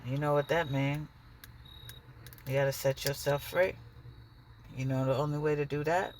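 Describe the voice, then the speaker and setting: A woman's voice: low voice, fairly even intonation, normal speed, darkish tone, a little hiss or hum. Blunt, preachy woman ranting to camera. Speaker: dancer and vlogger. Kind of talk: direct-to-camera monologue.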